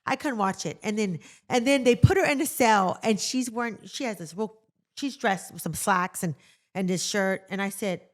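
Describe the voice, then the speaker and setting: A middle-aged woman, a nurse co-hosting a casual podcast and telling animated stories. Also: mid-range voice, normal speed. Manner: animated storytelling, acts out quotes loudly. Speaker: podcast co-host, jail nurse. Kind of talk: casual chat.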